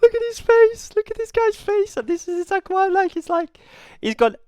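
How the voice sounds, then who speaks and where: A man's voice: very high voice, fairly quick, dry recording, studio quality. A man hosting a reaction video, commenting casually with frequent swearing and restarts. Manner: animated, swearing, many restarts.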